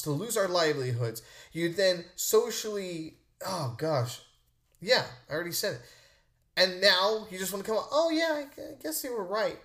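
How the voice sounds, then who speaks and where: A podcast host delivers an opinion rant monologue, indignantly mocking others in put-on voices. His voice is fairly high and a bit bright.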